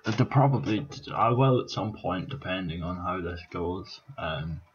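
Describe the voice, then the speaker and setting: A man's voice: low-pitched, expressive, a little slow, lo-fi sound, slight background noise. A Scottish man in his twenties talking casually and swearing, thinking aloud with lots of ums, tired from staying up all night. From Scotland. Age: 20s. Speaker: YouTuber. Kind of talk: casual vlog commentary.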